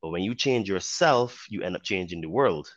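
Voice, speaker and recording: A man from Barbados with a mixed Caribbean and British accent, a podcast guest talking in an earnest, measured way. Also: low-pitched, animated, lo-fi sound. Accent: Barbadian with British influence. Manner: earnest, measured, many you-knows. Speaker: podcast guest, fitness trainer. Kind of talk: casual interview talk.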